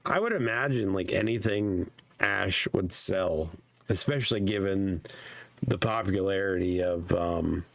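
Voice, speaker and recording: Hoarse man with a gravelly, fading voice. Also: deep voice, unhurried, a bit bright, no echo. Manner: swears casually, laughs often. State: voice nearly gone, hoarse. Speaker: podcast guest. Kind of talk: casual chat.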